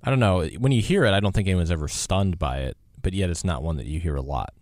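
A man's voice: low voice, quick pace, dry recording. A man hosting a live radio talk show in a studio, chatting casually with many fillers. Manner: relaxed, rambling, many fillers.

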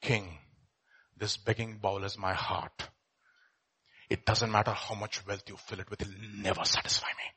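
A man voicing a humble, poor beggar who speaks in a soft, hushed, solemn way. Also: lowish voice, flat delivery, normal speed, long pauses, slightly rough, voice pushed down.

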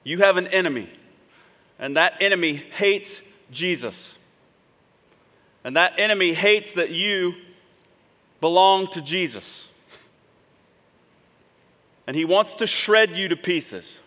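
Guy pastor giving a sermon, chatty, keeps asking "right?", bright voice. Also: sits high, slow pace, long pauses. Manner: conversational preaching with frequent "right?" asides. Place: church sanctuary. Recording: long hall reverb.

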